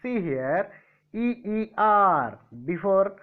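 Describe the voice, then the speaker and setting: A man's voice: high-pitched, animated, unhurried. A man from India teaching a grammar lesson, spelling out letters and asking and answering his own questions. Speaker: English teacher. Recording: tinny phone-like audio.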